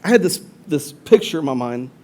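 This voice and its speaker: A pastor preaching a conversational sermon to a congregation, swinging between loud bursts and hushed asides. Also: male voice, on the high side, expressive, a little fast. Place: church service before a congregation.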